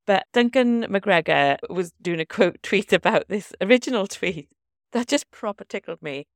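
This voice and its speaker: A woman in her thirties from Wales with a light Welsh accent, co-hosting a casual medical podcast and telling stories in a chatty, animated way. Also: mid-range voice, moderate pace, dry recording, clean studio sound. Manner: chatty, animated storytelling with laughter. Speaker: podcast co-host, doctor. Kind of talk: casual chat.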